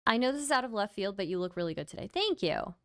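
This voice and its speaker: A woman livestream host chats casually with her viewers, tired and wry, often laughing at what she says. Her voice is smooth and clear. The sound is dry and close. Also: mid-range voice, sing-song, quick pace, dry recording. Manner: reads out and thanks viewer donations. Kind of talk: casual stream chat.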